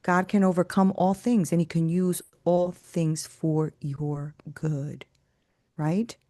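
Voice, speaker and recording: This is a woman faith coach on a podcast, low-voiced for her sex and recorded very dry and close. She tells stories with preachy emphasis, tags her points with "right?" and swings her pitch wide when she acts out other people. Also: fairly even intonation, takes it slowly, dark tone, dry recording. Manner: acts out quoted voices with big pitch jumps. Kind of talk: storytelling faith talk.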